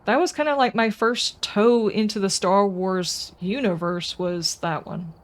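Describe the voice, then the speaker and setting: A woman's voice: mid-range voice, measured pace. A woman streaming a game, chatting casually and rambling as she answers her viewers' comments. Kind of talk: casual live-stream chat.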